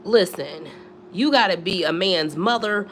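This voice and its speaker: A young woman spills a storytime in loose, chatty talk, talking straight to her viewers. Her voice sits low with a gravelly edge, and it jumps up high whenever she quotes herself. There is a faint hiss under the recording. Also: a little slow. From Philadelphia. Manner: animated, swings to high squeals when quoting herself, chatty asides to viewers. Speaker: storytime vlogger. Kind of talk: casual storytime chat.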